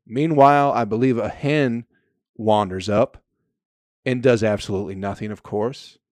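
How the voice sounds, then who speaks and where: A man's voice: lowish voice, normal speed, darkish tone, no echo. A man hosting a comedy podcast, telling a rambling, profane story full of fillers. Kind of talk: casual comedic monologue.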